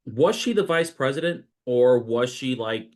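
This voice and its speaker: A man's voice: mid-range voice, lively intonation, measured pace, a little mellow. A man thinking aloud in a casual podcast discussion, musing with many fillers. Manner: thoughtful and musing, full of fillers. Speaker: podcast co-host.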